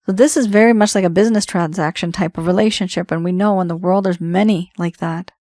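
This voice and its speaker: Low-voiced woman giving a tarot reading. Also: fairly even intonation, fast, a little mellow, dry recording, clean studio sound. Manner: reassuring, conversational, addresses viewer directly. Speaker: tarot reader.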